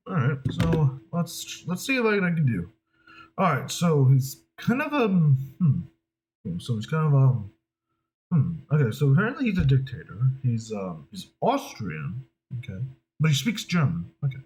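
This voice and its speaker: A man's voice: fairly high pitch, huge pitch swings, moderate pace, a little mellow, a little hiss or hum. A young male voice actor chatting casually in a rambling, hesitant way, full of fillers. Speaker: voice actor, video creator. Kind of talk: casual chat.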